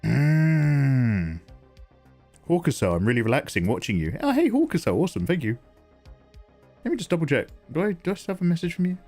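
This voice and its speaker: A man's voice: on the high side, huge pitch swings, fast talker, a little mellow. A man chatting casually with viewers on a live art stream while drawing, playfully snarky and greeting people by name. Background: faint synth music.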